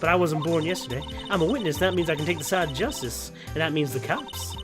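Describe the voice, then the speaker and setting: A man voicing a brash young Southern woman photographer while reading game dialogue aloud, with a put-on folksy drawl and a sassy, loud manner. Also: a little high, lively intonation, quick pace, natural voice. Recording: game music behind.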